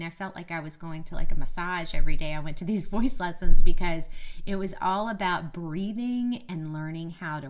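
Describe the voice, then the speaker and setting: Chatty woman, mild Southern lilt. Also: on the low side. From Kentucky, USA. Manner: chatty, self-deprecating, laughs easily. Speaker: media coach, former TV reporter. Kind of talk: casual to-camera tips.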